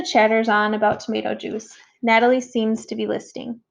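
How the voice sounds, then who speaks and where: A woman reading a first-person story aloud as an audiobook narrator, in a measured, reflective way. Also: fairly high pitch, flat delivery, gravelly, rough recording.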